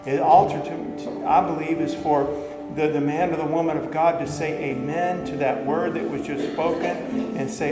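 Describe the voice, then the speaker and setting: A man's voice: a little high, steady tone, normal speed. A man, preaching a sermon as pastor, earnest and building to emphatic appeals. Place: church sanctuary. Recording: echoey church hall with music.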